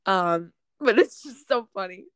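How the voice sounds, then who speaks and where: A woman's voice: medium pitch, unhurried, clean tone, no room sound. A young woman in casual chat, talking fondly about favorite lines with frequent "um"s. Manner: relaxed, fond, many "um"s.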